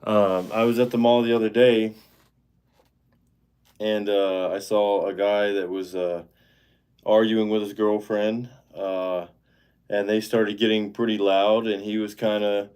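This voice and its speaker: A man's voice: lowish voice, a little mellow, clean tone. Rambling, fired-up man hosting a livestream. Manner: rambling, many fillers and restarts; heated, indignant. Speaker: live-stream host. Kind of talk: casual livestream monologue.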